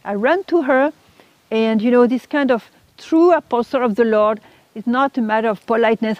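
A middle-aged woman telling an emotional personal testimony, halting and repeating words, her voice rising when she quotes others. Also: on the high side, no echo. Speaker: speaker giving a testimony. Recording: dull lo-fi recording.

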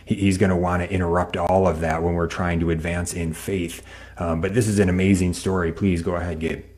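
Deep-voiced man hosting a faith show. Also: level tone, darkish tone. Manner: measured, explanatory, addresses viewers. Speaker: host.

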